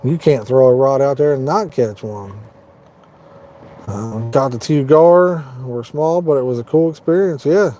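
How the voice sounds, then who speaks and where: A man hosts a live fishing stream from the cab of his truck at night. His voice is very dark and mellow, sitting at an ordinary pitch. He talks in an easygoing, folksy way, reading out viewers' comments and answering them like friends. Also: measured pace. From Indiana, United States. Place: inside a parked truck at night.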